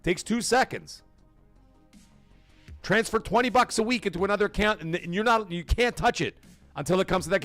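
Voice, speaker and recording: A male livestream host talks gaming in a loose, animated rant. His pitch swoops widely and he breaks into loud outbursts and swearing. Faint music plays underneath. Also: fairly quick, long pauses.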